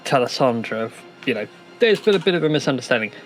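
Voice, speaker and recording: Player, man, mid-pitched, relaxed and polite, chatty in-game. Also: quick pace, faint music behind. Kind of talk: casual tabletop play.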